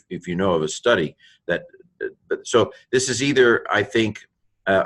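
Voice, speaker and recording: A man teaching a recorded Bible lesson, musing aloud with many fillers and restarts and spelling out Greek letters slowly one by one. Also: sits low, a bit bright.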